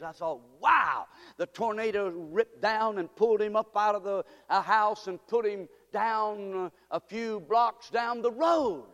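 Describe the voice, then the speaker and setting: A man preaching a fervent sermon, rising to shouts and leading his congregation in call-and-response. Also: high voice, in a large hall. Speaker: pastor.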